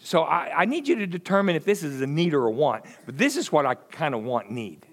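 A man's voice: fairly high pitch, brisk. A middle-aged man preaching a conversational sermon, telling stories with lots of acted-out voices and chuckles. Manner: animated storytelling, acts out quoted voices, chuckles often.

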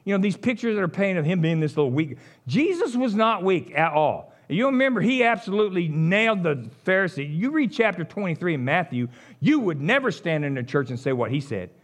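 This is a preacher giving a loose, conversational sermon in a fairly high voice. He talks like a neighbor telling stories, folksy and lively. His pitch swoops widely, climbing into bright exclamations and then sinking into low, confiding asides. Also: a little fast, few pauses. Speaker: pastor.

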